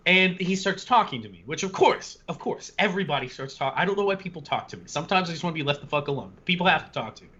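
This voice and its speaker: A man co-hosting a podcast, telling a story in a casual, animated way, laughing and swearing freely as he goes. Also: on the high side, fast, few pauses, dull audio. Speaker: podcast co-host.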